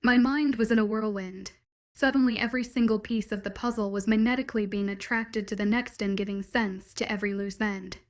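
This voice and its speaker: A woman narrating a first-person romance story in a steady, even read. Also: mid-range voice.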